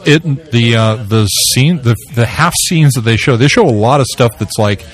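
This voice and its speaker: A man's voice: mid-range voice, moderate pace. A man co-hosting a podcast, chatting casually about movie news and often searching for his words. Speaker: podcast co-host.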